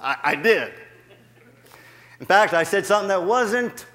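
A man preaching in a church sanctuary, his fairly high voice carrying into a long reverb. He is animated, rising in volume as he gets going and laughing at himself. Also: measured pace. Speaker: guest preacher. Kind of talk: sermon.

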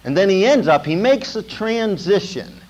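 A pastor preaching a sermon in a small church. His voice sits a little high for a man. He checks in with the congregation with an "okay?" before driving his main points home with emphasis. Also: very animated, moderate pace, a little mellow, poor audio. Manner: preaching with repeated "okay?" check-ins and emphatic build-ups.

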